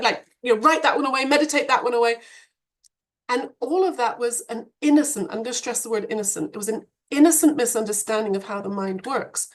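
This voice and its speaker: A woman with a fairly high voice talks as a podcast guest. She moves between animated storytelling and calm reflection, conversational throughout. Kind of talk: podcast interview.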